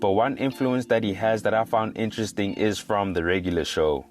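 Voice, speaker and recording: Man, very deep voice, scripted narration, measured, music playing under the voice. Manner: measured, informative storytelling. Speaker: documentary video narrator.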